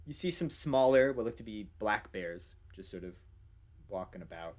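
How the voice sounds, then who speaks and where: A man narrating a tabletop game as game master, his voice low and his delivery casual and rambling. He pauses often with fillers and keeps the tone light. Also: lively intonation.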